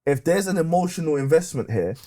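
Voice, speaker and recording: A man's voice: fairly high pitch, expressive, fairly quick, mellow, a little hiss or hum. A man in his thirties with a London accent, a podcast guest giving blunt, opinionated views in casual slang. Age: 30s. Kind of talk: candid podcast conversation.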